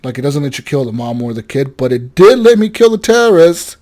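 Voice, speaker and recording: A young man co-hosting a gaming podcast, telling a story with animated energy, swearing and acting out the characters' lines. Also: medium pitch, fairly quick. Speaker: podcast co-host. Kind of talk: casual gaming chat.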